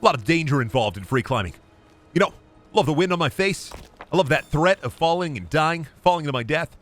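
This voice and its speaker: A young man streaming a game, chatting casually in a goofy, animated way and jumping into bits. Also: on the high side, fairly quick, faint music behind. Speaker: gaming streamer. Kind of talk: casual live-stream commentary.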